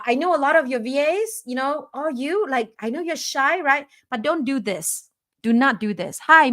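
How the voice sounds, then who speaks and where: A woman hosting a live online coaching session, talking energetically and often checking in with "right?". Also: on the high side. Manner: energetic, keeps asking "right?". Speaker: host and business owner.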